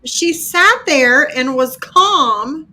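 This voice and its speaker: A woman on a casual panel chat who talks agreeably and checks in with quick confirmations. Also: sits high, animated, pushed and bright.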